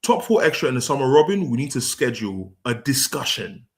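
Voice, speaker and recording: A man's voice: medium pitch, big pitch swings, brisk. A man, co-hosting a football podcast with teasing, joking banter. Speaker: podcast co-host. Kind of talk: casual football chat.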